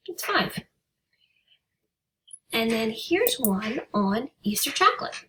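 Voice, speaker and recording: A woman's voice: fairly high pitch, animated, fairly bright tone, a little hiss or hum. Patient woman teacher, slightly distant mic. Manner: slow, deliberate reading of example poems; patient, encouraging. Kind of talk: recorded remote writing lesson.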